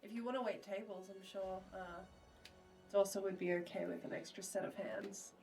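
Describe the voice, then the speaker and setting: A woman's voice: mid-range voice, normal speed, darkish tone, recorded from a distance, faint music behind. A woman playing her character in a tabletop game, dry and teasing. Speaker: player. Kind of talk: in-character tabletop role-play.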